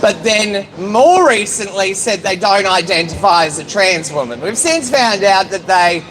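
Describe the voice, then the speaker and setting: A woman's voice: medium pitch, measured pace, hardly any pauses, a bit bright, slight background noise, rough recording. A woman giving a blunt, indignant outdoor speech, swearing now and then. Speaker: rally speaker. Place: outdoor public speaking event.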